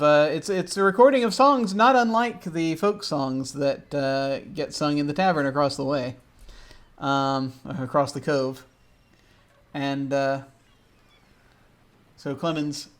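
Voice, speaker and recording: Halting man narrating a tabletop game. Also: a little high. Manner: hesitant, many fillers. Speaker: game master.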